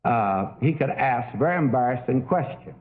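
An older man preaching a sermon, telling a story with folksy asides, many fillers and a lively, rising and falling delivery. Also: mid-range voice, moderate pace. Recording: phone-like narrow audio.

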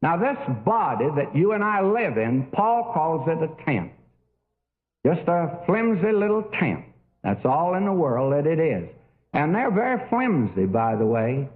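An older man delivers a sermon in a warm, folksy storytelling manner, full of little pauses and "uh"s. His voice sits somewhat high and moves a lot in pitch. The audio is thin and narrow, like a phone line. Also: sing-song. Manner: folksy storytelling with many fillers. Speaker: preacher.

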